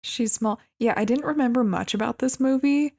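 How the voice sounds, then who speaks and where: A woman's voice: a little high, normal speed, vocal fry, a little mellow. A woman co-hosting a podcast, recapping a movie plot in casual chat with wry, amused comments. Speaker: podcast co-host.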